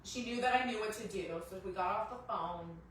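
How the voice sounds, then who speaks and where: A woman sharing a personal testimony with a small church group, an animated storyteller who laughs often and acts out her own panic. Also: medium pitch, fairly quick, slight background noise. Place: house church gathering room. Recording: echoey room, distant from the mic.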